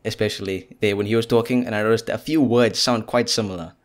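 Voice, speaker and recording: Chatty South African podcast host. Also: male voice, on the low side, fairly even intonation, fast. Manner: chatty, laughs often, restarts lines. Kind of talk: casual podcast chat.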